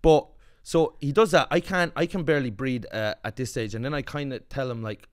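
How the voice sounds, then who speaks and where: A Northern Irish man on a podcast, telling a story in a breathless, animated, swearing way, acting out the people in it. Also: medium pitch, a little fast. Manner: animated, swearing, breathless retelling with quoted voices. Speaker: podcast co-host. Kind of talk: casual storytelling chat.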